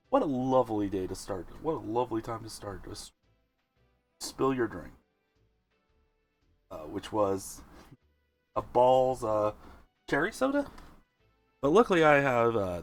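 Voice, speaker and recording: Chill gamer guy streaming, slow talker, lively up and down voice. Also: mid-range voice. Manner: rambling, laid-back. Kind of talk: live let's play commentary.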